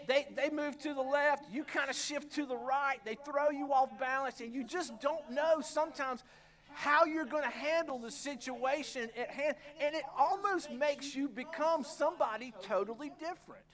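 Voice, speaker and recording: Animated high-voiced pastor preaching. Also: male voice, moderate pace. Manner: animated storytelling, acts out his own reactions. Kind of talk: sermon. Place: church sanctuary.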